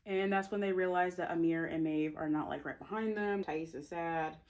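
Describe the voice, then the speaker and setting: Young woman, casual plot recap, chatty, filler-heavy, giggly, lowish voice. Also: moderate pace, darkish tone. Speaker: author promoting her own novel.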